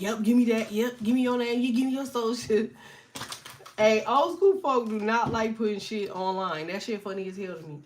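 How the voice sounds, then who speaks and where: Laughing, animated woman streamer with allergies. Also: a little high, a little hiss or hum. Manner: animated, joking, swearing, laughs often. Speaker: livestream host. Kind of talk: casual livestream chat.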